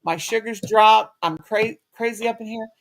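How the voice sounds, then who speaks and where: A woman with a slightly high voice, speaking at normal speed over a little hiss or hum, hosts a casual live chat on her channel. She rambles folksily, calling people "sugar" and "honey" in Southern style.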